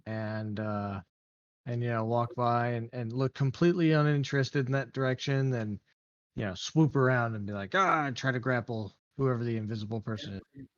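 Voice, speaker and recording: A man's voice: medium pitch, steady tone, normal speed, dry recording. Hesitant male gamer on a dull mic. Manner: hesitant, with many fillers. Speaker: player. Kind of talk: describing his character's actions.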